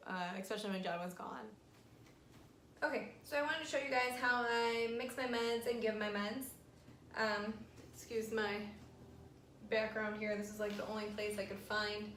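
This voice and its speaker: Young woman, mid pitch, frank casual vlogger voice, roomy echo. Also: a bit bright, slight background noise. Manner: frank and chatty, many fillers. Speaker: vlogger sharing her fertility treatment. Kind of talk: casual explainer vlog. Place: room at home. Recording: echoey room, faint music.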